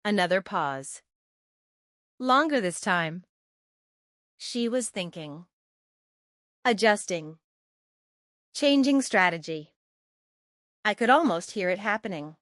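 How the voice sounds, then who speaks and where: A woman narrating a scripted first-person story in calm, terse short sentences. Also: mid-range voice, takes it slowly, long pauses, dry recording, clean studio sound.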